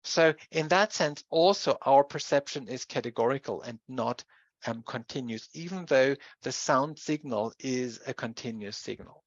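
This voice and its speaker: A lecturer giving a university lecture, explaining slowly with pauses and restarts. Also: mid-range voice, no echo, dull audio. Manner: explanatory, with pauses and self-corrections.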